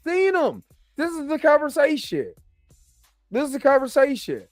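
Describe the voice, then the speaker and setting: A man hosting a casual reaction review, animated and joking as he talks straight to his viewers. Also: very high-pitched, moderate pace, dry recording, studio quality, soft background music. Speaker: host and movie reviewer.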